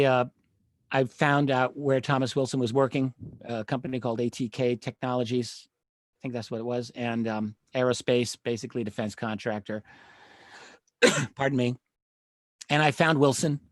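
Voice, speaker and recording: A middle-aged man, a panel guest, telling a long story in a measured, earnest way and often pausing with uh and um. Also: mid-range voice, no echo, clean studio sound. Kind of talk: live panel discussion, recounting a story.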